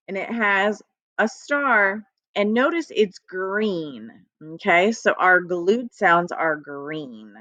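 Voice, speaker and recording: A woman's voice: mid-range voice, animated, slow, bright, forceful tone, dry recording, muffled recording. A woman teacher giving a recorded phonics lesson to young children, upbeat and sing-song.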